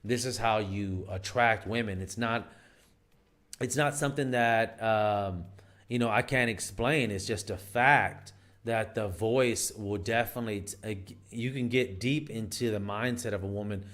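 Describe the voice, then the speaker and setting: A man's voice: lowish voice, unhurried, fairly bright tone. A man giving dating advice in a casual monologue, rambling and emphatic with lots of restarts.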